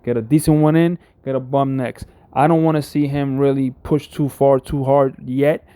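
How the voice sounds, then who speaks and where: A man's voice: mid-range voice, steady tone, normal speed, mellow, smooth, no room sound. A man hosting a boxing talk show, giving casual, rambling commentary full of fillers and restarts.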